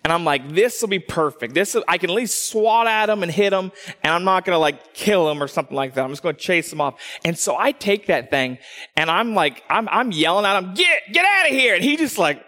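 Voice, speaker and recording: A man telling a personal story as a preacher, animated, dropping low for asides and rising when excited. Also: a little fast. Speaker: pastor. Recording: long hall reverb.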